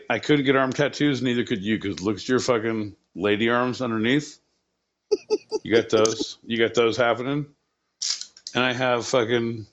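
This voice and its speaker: A man co-hosting a podcast rambles through crude, profane jokes in casual chat. His voice sits at an ordinary middle pitch. The recording sounds a little dull and lo-fi. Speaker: podcast co-host.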